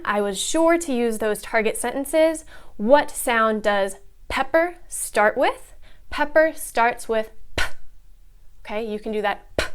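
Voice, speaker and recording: A woman's voice: a little high, clear, resonant tone. A young adult woman, an online English teacher, demonstrating a mock lesson and explaining her techniques in an upbeat, exaggerated classroom voice.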